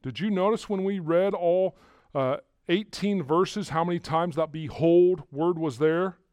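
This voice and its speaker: A man with a slightly high voice preaches to his congregation, stopping to repeat words and pushing hard on the ones that matter. The sound is dry and close, with no room echo. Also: measured pace, smooth. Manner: repeats words and rises loudly on key words. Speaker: pastor. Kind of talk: sermon.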